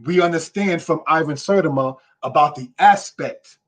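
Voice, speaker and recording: Speaking at normal speed in a voice on the high side, a man gives a history lesson with the emphatic cadence of a preacher. He keeps checking in with the audience through repeated "you understand?" and "brothers and sisters."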